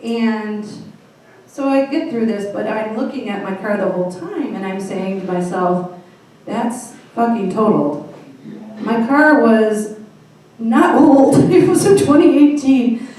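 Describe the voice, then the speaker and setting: A woman's voice: a little high, unhurried, darkish tone, slight background noise. A woman in her thirties with a Midwestern American accent, telling a true story onstage at a storytelling night and laughing wryly at her own bad luck. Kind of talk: live storytelling set. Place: small comedy venue. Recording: echoey room, mic from a distance.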